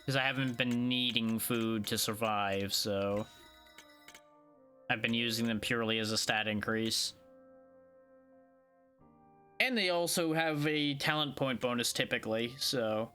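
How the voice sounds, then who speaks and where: A man's voice: medium pitch, measured pace, pauses often, bright, forceful tone, clean tone, faint music behind. Sleepy, laid-back male game streamer. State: tired, yawning. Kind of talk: casual gameplay commentary.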